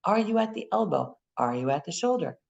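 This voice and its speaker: A woman runs an anatomy class for massage exam prep, with a gravelly, fry-edged voice. She talks in a lively way, repeats the key terms and spells out memory aids as she teaches. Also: on the low side, brisk, lo-fi sound.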